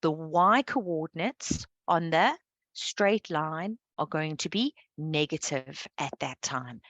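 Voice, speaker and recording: A woman teaches a live maths class with patient, step-by-step explanations. Her voice sits a little low. The recording is dry, with no room sound. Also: animated, slow, a bit bright, no room sound. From South Africa. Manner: patient, checks understanding with frequent "okay". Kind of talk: live online maths lesson.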